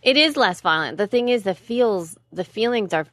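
Woman, thirties, casual chat, candid, rambling, self-correcting, mid pitch, dry sound. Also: expressive, normal speed, a bit bright, no echo.

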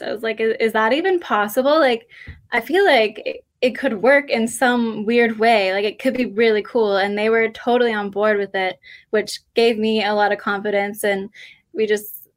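A woman from Canada, a country singer, talks through her answers in an interview. She sounds earnest and thoughtful, with a middle pitch for a woman. Her words come easily, though she sometimes stops and restarts. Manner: earnest, thoughtful, with soft laughs.

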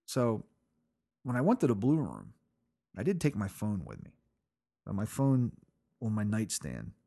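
A man's voice: fairly low pitch, huge pitch swings, a little slow, creaky, mellow. A man hosting his own podcast alone, telling rambling, profane, self-mocking stories with bursts of laughter. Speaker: podcast host. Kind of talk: casual solo storytelling.

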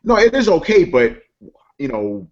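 A man's voice: on the high side, sing-song, moderate pace. A man co-hosting a casual gaming podcast, easygoing and often agreeing. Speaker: podcast co-host. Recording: dull lo-fi audio.

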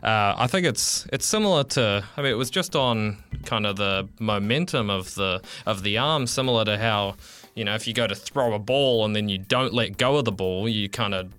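A man runs through a sports update on the radio, his low voice bright and clean. He talks hesitantly, full of fillers and self-corrections, speaking from a studio. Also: moderate pace, clear, resonant tone. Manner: hesitant, many fillers and restarts. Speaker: sports reporter.

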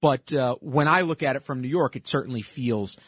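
A man's voice: mid-range voice, brisk, a bit bright, slightly rough, dry recording. A man hosting a talk show, commenting sarcastically on played clips and often cutting in.

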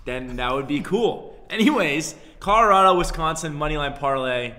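A man's voice: fairly high pitch, lively intonation, normal speed, sharp tone, in a large hall. A man hosting a casual sports betting podcast, bantering sarcastically with his co-hosts. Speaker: podcast host.

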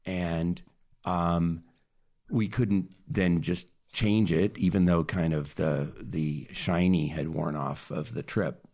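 A man guest telling a personal story in a hesitant way, pausing and searching for words. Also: deep voice, steady tone, a little mellow. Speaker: interview guest.

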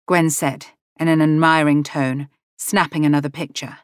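A woman narrating a novel as an audiobook, gently voicing each character in the dialogue. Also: low voice, little pitch movement, normal speed, no room sound, clean studio sound. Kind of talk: scripted narration.

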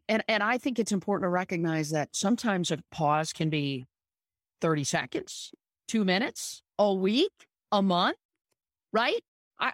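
A woman's voice: medium pitch, no echo, studio quality. A woman guest telling negotiation stories in a podcast interview, emphatic and punchy, repeating her key points. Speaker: guest, sports agent. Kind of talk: conversational storytelling in a podcast interview.

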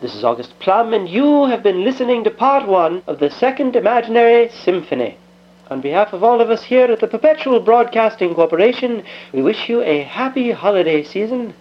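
A man's voice: high voice, sing-song, a little fast. A man as a genial old-time radio announcer. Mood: courtly. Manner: formal and genial. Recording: dull lo-fi old radio sound.

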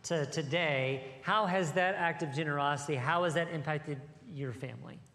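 A man's voice: a little high, moderate pace, bright, forceful tone. A man who is a pastor, preaching emphatically with repeated phrases and rhetorical questions to his congregation. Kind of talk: sermon with interview. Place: large church sanctuary with congregation. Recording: reverberant hall, audience present.

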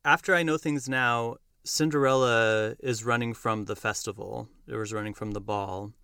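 A young man hosting a podcast, recapping a musical in casual chat, animated and quick to laugh. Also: mid-range voice, clear, resonant tone, no room sound, studio quality. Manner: enthusiastic storyteller who acts out lines and laughs often. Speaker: podcast host.

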